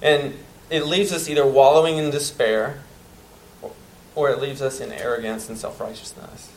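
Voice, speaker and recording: A man preaching a sermon, earnest and emphatic, dropping to soft tones at tender moments. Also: medium pitch, fairly even intonation, normal speed, slight background noise, rough recording.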